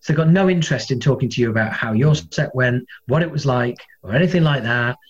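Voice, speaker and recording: A man, a comedian and guest, telling stories in a casual, animated way and acting out other people's voices. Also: mid-range voice, fast talker, dull audio. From England. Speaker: guest, comedian and former metal singer. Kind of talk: casual storytelling.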